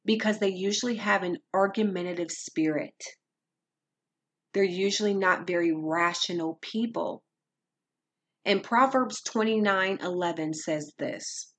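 A woman speaks with earnest calm, giving faith-based advice in a measured, teaching way. Her delivery is unhurried and deliberate. Her voice carries a soft, breathy edge. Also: medium pitch. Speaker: Christian speaker.

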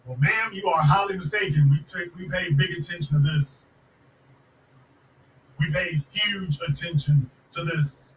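A man with a high voice delivers a fiery, sarcastic commentary monologue, circling back to drive each point home. He sits back from the mic in an echoey room with a faint hiss underneath. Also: measured pace, fairly bright tone, distant mic. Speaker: podcast host.

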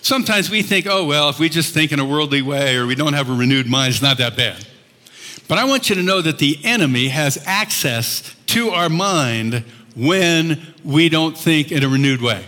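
A male pastor preaching a sermon, telling the story with animated voices and laughs. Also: a little high, moderate pace. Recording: long hall reverb.

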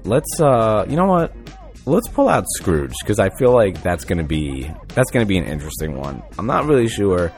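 A man's voice: fairly low pitch, very animated, normal speed, darkish tone, faint music behind. A man co-hosting a podcast, chatting casually in a laid-back, rambling way with lots of fillers. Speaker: podcast co-host. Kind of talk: casual chat.

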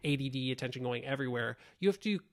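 A man co-hosting a podcast in a casual chat about an old show. He fires off animated, quick questions. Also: medium pitch. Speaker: podcast co-host.

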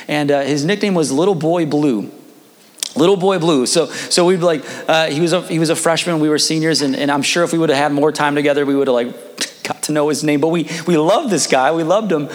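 A man's voice: fairly high pitch, brisk, in a large hall. A young man in his twenties, a pastor telling a personal story in a casual, rambling sermon with frequent restarts.

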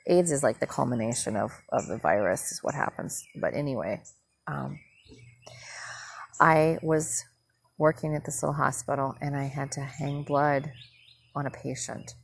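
A woman's voice: a bass voice, moderate pace, vocal fry, breathy edge. A middle-aged woman and former nurse, from the northern US, telling a story in a rambling, indignant monologue that keeps correcting itself. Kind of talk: casual monologue.

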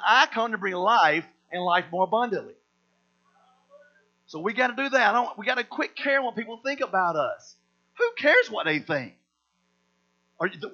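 A man preaching a sermon as pastor, energetic and slangy, acting out the people in the stories he tells. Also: high-pitched. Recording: dull lo-fi sound with mains hum.

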